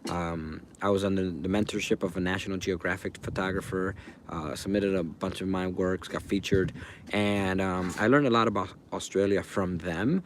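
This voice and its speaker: Male stream host, casual and meandering, low voice, outdoor air behind him. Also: fairly even intonation, moderate pace, slight background noise. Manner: rambling, talks to chat viewers by name. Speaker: livestream host. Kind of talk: casual live chat. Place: outdoors by a fire.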